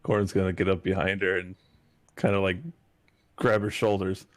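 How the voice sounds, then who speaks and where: A man's voice: sits low, little pitch movement, normal speed, dry recording. A man playing a tabletop game, laid-back and joking as he describes his moves. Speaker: player. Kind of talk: casual tabletop play.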